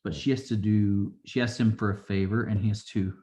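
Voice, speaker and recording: A man's voice: fairly low pitch, steady tone, a little fast, warm tone. A man casually recapping a show episode, rambling along and acting out quotes from the characters. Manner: rambling, loose retelling with acted-out quotes. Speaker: show reviewer.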